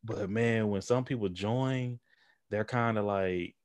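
A man hosting a podcast talks in a loose, rambling casual conversation, laughing often and acting out his relatives' voices as he tells stories. His fairly low voice is slow and smooth, recorded dry with clean studio sound.

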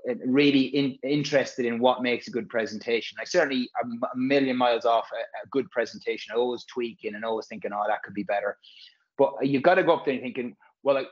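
This physio course presenter has a medium-pitched voice, and the highs are cut off in the audio. He rambles through a casual podcast conversation, speaking frankly and cursing without restraint.

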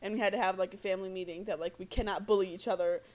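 Rapid-fire and medium-pitched, this young woman co-hosts a podcast, spinning stories in relaxed conversation. She's animated, laughs a lot, and swears frequently.

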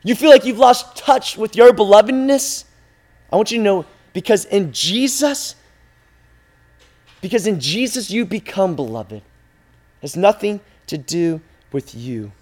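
A man with a notably high voice preaches a sermon. He repeats phrases for emphasis and moves between quiet, intimate lines and loud, driving appeals. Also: animated, measured pace. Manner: impassioned, repetitive, swings from hushed to loud.

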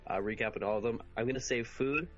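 Hoarse, sick man on a podcast. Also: medium pitch, quick pace, muffled recording, over music. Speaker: podcast co-host. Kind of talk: casual podcast chat.

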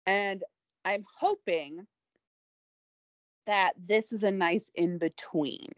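A woman's voice: medium pitch, takes it slowly, dry recording. A woman co-hosting a podcast in casual chat, rambling and self-deprecating with frequent giggles. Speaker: podcast co-host.

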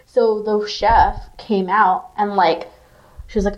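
A woman co-hosting a podcast, telling an animated, profanity-laced story full of "like" fillers in casual chat. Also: mid-range voice, measured pace, muffled recording. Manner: animated, swearing, lots of "like" fillers. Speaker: podcast co-host.

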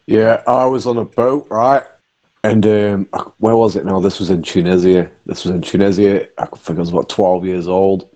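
A man's voice: low-pitched, fairly even intonation, normal speed, mellow, lo-fi sound. A man telling a sweary anecdote to friends in a casual group chat. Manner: sweary, laughing storyteller.

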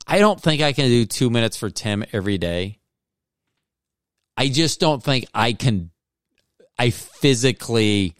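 A man's voice: on the low side, clear, resonant tone, dry recording, studio quality. A man hosting a podcast, telling a casual comedic story in a rambling way, often breaking off and restarting his sentences. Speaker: podcast host.

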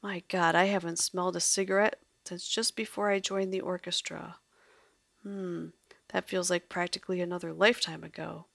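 A woman reading aloud gives voice to a romantic male maestro, tender and bittersweet. The voice sits low with a gravelly edge. Dry, close sound. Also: little pitch movement, moderate pace, fairly bright tone, dry recording. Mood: nostalgic.

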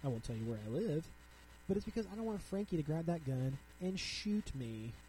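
Young male podcast host, casual and rambling, mellow tone, light hum in the background. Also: fairly high pitch, lively intonation, fairly quick, poor audio. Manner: chatty, frequent "like", reads articles aloud then riffs. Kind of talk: casual solo podcast commentary.

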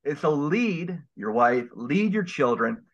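A man's voice: fairly high pitch, sing-song, slow pace. A man speaking as a guest on a podcast, earnest and emphatic, with a preaching manner. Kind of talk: casual podcast interview. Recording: dull lo-fi sound.

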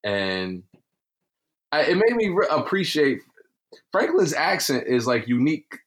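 A man co-hosting a podcast in casual, slangy chat, often pausing to search for words. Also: a little high, big pitch swings. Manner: slangy, hesitant, loses his words. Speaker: podcast co-host.

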